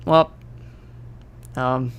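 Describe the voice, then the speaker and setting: A man's voice: medium pitch, fairly even intonation, extremely slow, a bit bright, smooth. A man co-hosting a podcast over a call, bantering in a stammering, sardonic way, with faint music underneath. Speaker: podcast co-host.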